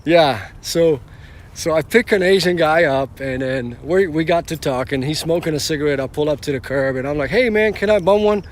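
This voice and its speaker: A man's voice: a little high, moderate pace. A man driving for rideshare, telling a story on a casual live stream in a rambling way, restarting often and swearing casually.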